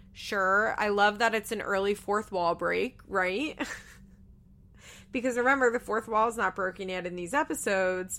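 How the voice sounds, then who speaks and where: A chatty woman recapping a reality show in a casual, sarcastic way. She laughs often and talks at a medium pitch. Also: creaky, fairly bright tone. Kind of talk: casual commentary.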